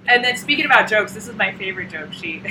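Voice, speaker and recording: A woman's voice: medium pitch, quick pace, slight background noise, rough recording. A woman in casual chat, retelling a comic with lots of fillers and acting out the characters' lines. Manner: animated storyteller acting out scenes. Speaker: co-host discussing a comic.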